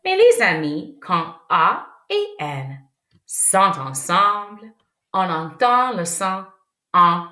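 Slow, bright-voiced woman teaching kids. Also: on the low side, big pitch swings, roomy sound. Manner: slow, exaggerated enunciation, repeating words; switches between English and French. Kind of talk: children's language lesson.

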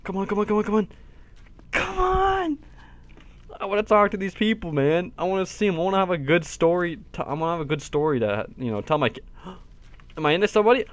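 A man giving casual let's-play commentary, excitable, cursing often and yelping in surprise. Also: sits high, quick pace, slight background noise. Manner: excitable, swears often, yelps and shouts in surprise. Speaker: gaming video host.

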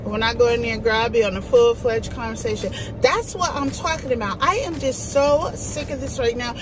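A woman's voice: a little high, brisk, music in the background, poor audio. Chatty storytelling woman vlogger. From New Jersey. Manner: chatty, animated storytelling with playful put-on voices. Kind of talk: casual vlog chat.

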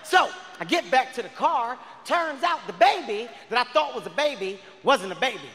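A man doing stand-up, telling a story in a loud, shouting, animated way. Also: very high voice, normal speed. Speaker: stand-up comedian. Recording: live stage in a large reverberant hall.

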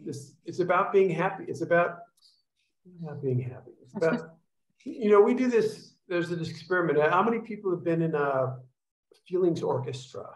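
A man's voice: a little high, reverberant, poor audio. A man leading an online study group, talking loosely with restarts and acted-out sounds as he explains exercises. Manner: rambling, with restarts and demonstration sounds. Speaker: workshop leader. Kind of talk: casual teaching to an online group. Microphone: video call.

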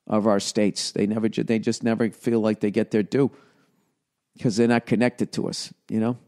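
A man's voice: on the low side, a little mellow. A middle-aged man with a Boston accent, a podcast host reading sponsor ads and breaking off into profane, sarcastic asides. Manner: profane, sarcastic, shifts between reading copy and riffing. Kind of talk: ad read with riffing asides.

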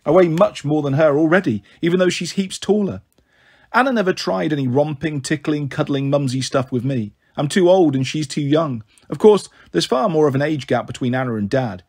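A man's voice: on the high side, a little fast, a little mellow, slightly rough. A man reading a first-person novel aloud in a wry, sulky narrating manner. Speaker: audiobook reader.

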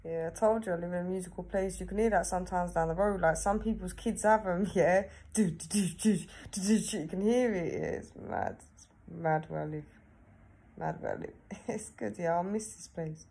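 A female vlogger talks casually to herself on camera in a fairly quick, animated voice that sits on the low side, gravelly and dark in tone. She's chatty, laughs often, and tags her sentences with questions.

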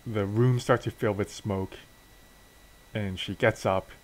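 A man's voice: on the low side, fairly even intonation, slow, low-quality recording. A man casually narrating a wrestling game story as a let's play, with fillers and restarts.

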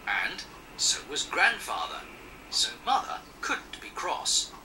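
Animated male storybook narrator. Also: a little high, slow pace, distant mic, background noise. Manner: expressive, animated. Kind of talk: children's storybook reading.

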